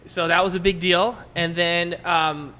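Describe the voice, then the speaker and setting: A man with a Hungarian accent talks casually as a guest about his fitness studio. His voice is bright and ringing, smooth and clear, a touch higher than most men's. He is friendly and laughs easily. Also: fairly even intonation, a little slow. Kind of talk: casual interview chat. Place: live show at a bar stage.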